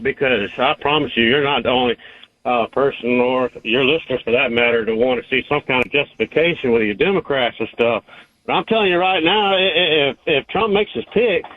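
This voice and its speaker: A man's voice: mid-range voice, fairly quick, no echo. A man from Georgia with a Southern accent, calling in to a talk radio show and speaking casually, in a folksy way, often repeating his words. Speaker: caller. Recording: tinny phone line.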